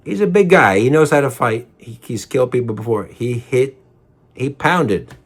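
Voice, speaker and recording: A man's voice: mid-range voice, expressive, normal speed, husky. A man telling a personal story in a heated, rambling way, repeating himself and swearing.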